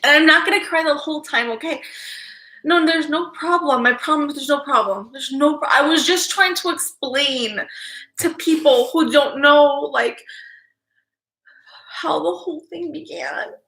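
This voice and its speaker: A woman's voice: high voice, moderate pace, pushed and bright, roomy sound. A woman psychic tarot reader talking to her livestream viewers, fighting back tears and repeating herself as she halts between phrases. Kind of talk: emotional livestream talk to viewers.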